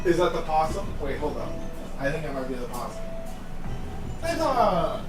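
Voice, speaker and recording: A man's voice: a little high, very animated, normal speed, music in the background. A man hosting a livestream, chatting in a rambling, casual way full of "like" and "you know". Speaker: livestream host.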